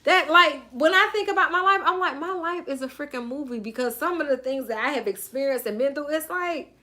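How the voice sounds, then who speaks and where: High, bright-voiced Southern woman coach. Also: lively intonation, brisk. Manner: chatty, greets viewers by name, playful sing-song asides. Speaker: life coach. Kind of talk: live-stream book reading and chat.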